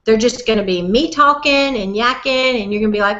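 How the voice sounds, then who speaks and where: Southern woman business coach, bright, forceful and folksy, on a dull lo-fi webinar recording. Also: a little high, fairly quick. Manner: animated, folksy and direct, calls listener "honey". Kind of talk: motivational webinar talk.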